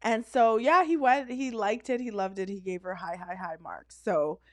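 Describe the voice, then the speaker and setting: A woman co-hosting a podcast in casual chat, playful and quick to laugh as she tells stories. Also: mid-range voice, dry recording, clean studio sound. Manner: playful, laughs often, animated storytelling. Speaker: podcast co-host.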